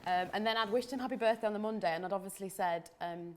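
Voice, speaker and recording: A woman's voice: mid-range voice, fairly even intonation, quick pace, few pauses. A woman guest on a fan show, telling her story in a chatty, good-humoured way. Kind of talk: casual interview chat.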